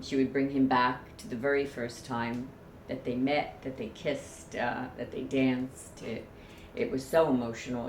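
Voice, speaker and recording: A woman's voice: a bass voice, echoey room, a little hiss or hum. A woman vlogger telling a personal story to camera in a heartfelt, emotional way.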